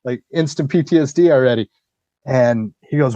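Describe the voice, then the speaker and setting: A man's voice: mid-range voice, brisk, dry recording, lo-fi sound. A man on a podcast telling a long story in a casual way. He acts out what people said and swears freely. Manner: lively storyteller acting out quoted dialogue, swears freely. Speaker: podcast guest.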